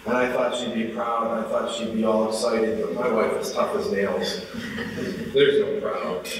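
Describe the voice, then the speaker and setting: A man in his forties giving a motivational speech, telling a personal story and getting more animated as he goes. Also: on the low side, moderate pace, noisy background. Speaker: motivational speaker. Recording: echoey hall, from far off.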